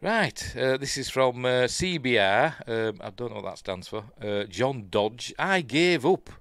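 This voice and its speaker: A man's voice: mid-range voice, a little slow, fairly bright tone, smooth, no room sound. A man with a Yorkshire accent hosting a live news stream, reading headlines aloud and then chatting about them casually with plenty of fillers. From Yorkshire, England.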